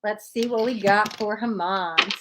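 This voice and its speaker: A woman's voice: medium pitch, a little slow, noisy background. A woman reading tarot cards on a live stream, chatting with viewers and giving blunt readings. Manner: blunt, chatty, reads out chat comments.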